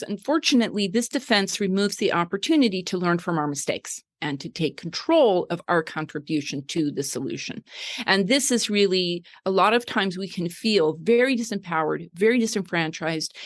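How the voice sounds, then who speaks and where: A middle-aged woman with a mid-range voice appears as a guest, a wellness coach explaining her ideas conversationally. Her speech is packed with fillers and "right?" tags.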